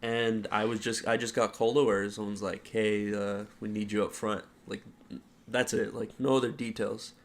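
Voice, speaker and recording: Young guy on a podcast, kinda low voice, telling stories all casual, says like a lot. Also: normal speed. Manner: animated retelling, heavy use of "like", acts out quotes. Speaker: podcast co-host. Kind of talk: casual storytelling.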